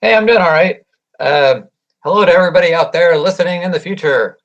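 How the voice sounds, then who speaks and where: A man's voice: sits high, brisk. A man joining a live audio chat as a guest writer, laid-back and wry. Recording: dull lo-fi audio.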